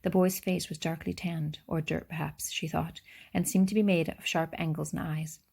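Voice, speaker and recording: A woman's voice: low voice, fairly even intonation, moderate pace, vocal fry, a little mellow, husky. A woman reading a children's novel aloud, with small slips and restarts. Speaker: reader.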